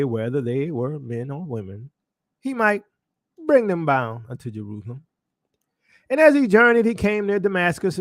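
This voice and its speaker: A male preacher delivers a fervent sermon in a high voice that leaps and swoops across a very wide range. He calls out to his listeners and climbs to ringing exclamations. The sound is dry and close, with no echo. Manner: fervent, rising to shouted exclamations; calls out to the congregation.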